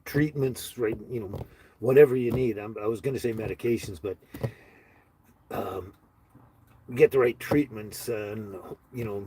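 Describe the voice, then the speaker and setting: A man hosting a casual livestream on his phone, talking slowly to viewers with many fillers and halting restarts. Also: fairly low pitch, darkish tone, a little hiss or hum. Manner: slow, halting, sympathetic talk with many fillers. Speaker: livestream host. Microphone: handheld phone.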